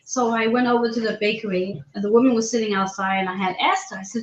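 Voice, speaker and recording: A woman hosting a casual chat, telling a story with lively, acted-out quotes. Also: a little high, fast, few pauses. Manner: animated storyteller, acts out quoted voices. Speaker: host. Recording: roomy, dull lo-fi sound.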